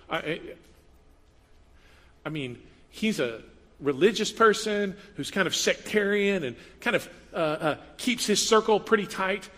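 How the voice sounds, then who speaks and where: A man preaches in an easy, conversational way, slipping into playful asides and quoted voices. His voice sits high and bright, and it carries the long reverb of a large hall. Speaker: pastor. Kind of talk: sermon.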